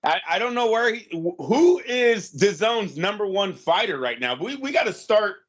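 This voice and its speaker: A man's voice: high voice, big pitch swings, moderate pace, fairly bright tone, highs cut off. A man co-hosting a boxing podcast, giving earnest opinions on fighters. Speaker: podcast co-host. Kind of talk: casual boxing talk.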